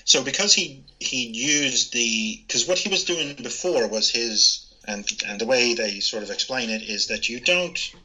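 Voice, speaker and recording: A man's voice: medium pitch, measured pace, few pauses, pushed and bright, low-quality recording. A man co-hosting a casual podcast chat, telling stories in a chatty way with frequent laughs. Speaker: podcast co-host.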